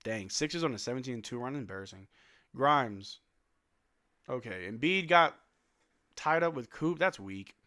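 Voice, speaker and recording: A man hosting a late-night live stream watch-along, calling plays in a casual way and swinging between flat dismay and sudden shouts while he is sleepy. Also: mid-range voice, normal speed, pauses often, dry recording, studio quality. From New Zealand. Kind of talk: casual play-by-play and chat.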